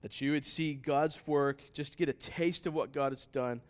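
A man preaching a sermon in a relaxed, conversational way, with asides to the congregation. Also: on the high side, moderate pace. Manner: conversational preaching that rises to emphatic scripture reading. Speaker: pastor.

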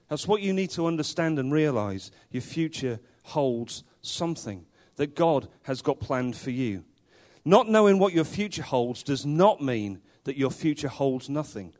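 A man's voice: fairly high pitch, a little mellow. Earnest man preaching with emphatic repetition. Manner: earnest, emphatic, repeats key words. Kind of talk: sermon.

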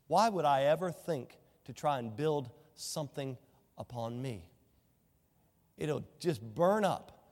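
A man's voice: fairly high pitch, expressive, slow, a little mellow, in a large hall. A male pastor preaching a sermon, quoting scripture and asking the congregation rhetorical questions.

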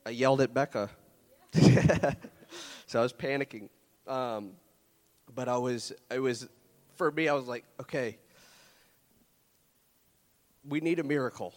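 Emotional young preacher in a reverberant hall. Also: male voice, medium pitch, steady tone, measured pace, pauses often, darkish tone. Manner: earnest, emotional, fighting tears; loose, conversational, many fillers and restarts. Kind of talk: sermon.

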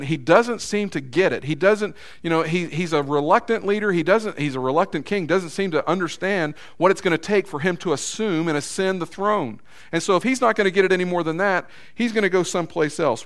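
Animated man preaching a conversational sermon. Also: fairly high pitch, normal speed. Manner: conversational, acts out the characters and addresses the congregation directly.

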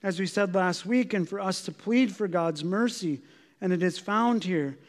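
A man with a high-pitched voice preaches an expository sermon, earnest and emphatic. He keeps turning to his listeners with rhetorical questions. His words ring out with a long reverb, as in a large hall. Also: moderate pace. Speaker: pastor.

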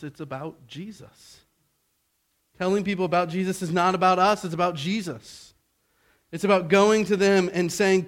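A man preaching a sermon, swinging between loud exhortation and hushed softness and asking rhetorical questions. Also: a little high. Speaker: pastor.

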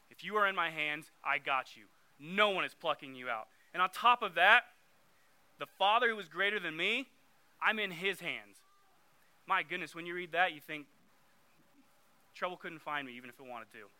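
A young man preaching a sermon in a chatty, conversational way that turns emphatic on the scripture readings. His voice is very bright and forward, smooth and clear, sitting a little high for a man. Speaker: youth preacher.

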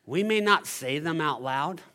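A man preaching a sermon, telling a story and building to loud climaxes. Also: a little high, animated, unhurried. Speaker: pastor.

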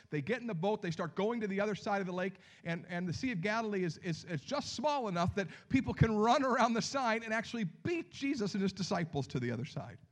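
A high-pitched male pastor tells the sermon's story with animated character voices. At key moments he lowers his voice to a hushed near-whisper for emphasis.

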